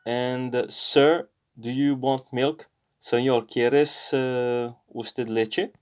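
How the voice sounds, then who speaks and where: Man, even mid voice, unhurried; learner narrating his own lesson, hesitant, lots of fillers. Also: medium pitch, slight background noise. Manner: halting, thinks aloud with many fillers; repeats app phrases slowly. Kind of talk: casual self-study commentary.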